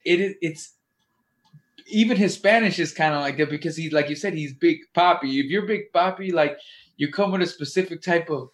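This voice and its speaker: Guy on a sports podcast, kinda high voice, swears a lot, rambly and animated. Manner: animated, swearing, quick asides and restarts. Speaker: podcast co-host. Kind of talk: casual sports chat.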